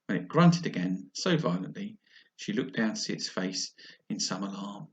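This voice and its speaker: Expressive man reading a storybook. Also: fairly low pitch, moderate pace, low-quality recording. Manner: expressive reading with small slips. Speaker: narrator. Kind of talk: reading a classic children's story aloud.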